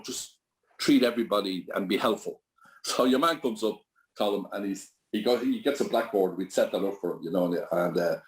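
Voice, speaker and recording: An older Irish man, a guest on an interview show, telling rambling anecdotes full of restarts. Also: lowish voice. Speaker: guest entrepreneur. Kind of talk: storytelling interview.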